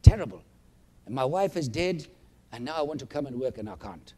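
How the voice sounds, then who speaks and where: An older man in his seventies voicing an elderly male farmhand, plain-spoken and weary, in a soft, quiet, low voice. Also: sing-song, brisk.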